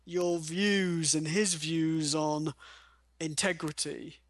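A man from the UK, giving calm reassuring advice in casual chat. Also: on the high side, takes it slowly, no echo. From United Kingdom. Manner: gentle, reassuring, enthusiastic about people. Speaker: guest advisor, reader.

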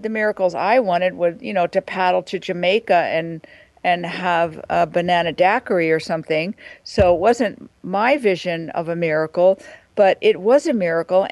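A woman's voice: lowish voice, darkish tone, no echo, low-quality recording. Earnest woman telling a spiritual story. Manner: reflective, earnest, slows for emphasis. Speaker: guest, spiritual teacher. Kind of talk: storytelling interview answer.

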